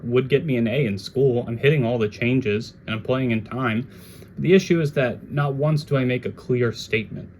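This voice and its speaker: A man giving a casual jazz guitar lesson, talking in a relaxed, conversational way and now and then scatting melodies. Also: mid-range voice, a little hiss or hum.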